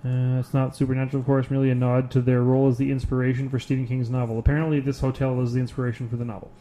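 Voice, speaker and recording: A man's voice: mid-range voice, flat delivery, very fast, dark tone. A young man co-hosting a podcast, reading a list aloud in a casual way with sarcastic, bored asides. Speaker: podcast co-host.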